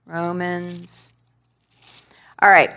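A woman preacher giving a sermon in a conversational, animated way, asking the congregation questions. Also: on the low side, drawn-out words. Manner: conversational, animated, quizzes the audience.

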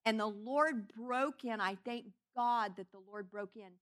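A middle-aged woman preaching with a bright, forceful edge and a slightly high voice. She tells a heartfelt personal testimony and drives it toward impassioned, fervent preaching. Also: unhurried. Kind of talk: sermon.

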